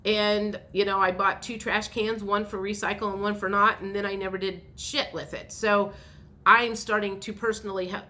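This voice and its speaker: A woman's voice: medium pitch, level tone, moderate pace, bright, forceful tone. A woman telling a rambling story in a casual vlog, with many fillers and restarts. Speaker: vlogger.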